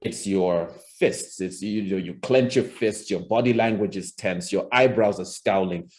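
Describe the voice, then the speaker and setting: A man's voice: on the low side, unhurried, a little mellow, slight background noise. A man teaching presentation skills over a video call, talking conversationally with frequent restarts and acting out example lines. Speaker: public speaking coach. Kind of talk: online presentation skills lesson.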